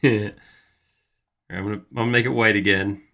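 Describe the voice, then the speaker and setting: Low bright-voiced man narrating his work. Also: steady tone, normal speed, gravelly. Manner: casual, thinking aloud while working. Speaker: host modeling in 3D software. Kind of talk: live software tutorial.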